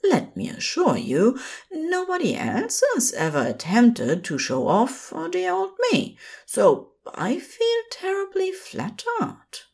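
A woman's voice: sits high, wildly swooping pitch, slow, creaky, darkish tone, husky, pitched above the performer's own voice, exaggerated voice. A woman putting on a prim, flustered man with a lifted voice. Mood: flustered, eager. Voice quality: prim, fussy, babbling. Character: flustered prim fussy man, gentle and polite.

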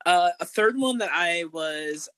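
A man's voice: high-pitched, lively intonation, measured pace, sharp tone, clean tone, no echo. A man co-hosting a podcast, chatting with lots of fillers while listing his picks. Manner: filler-heavy, self-conscious, lists picks. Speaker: podcast co-host. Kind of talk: casual chat.

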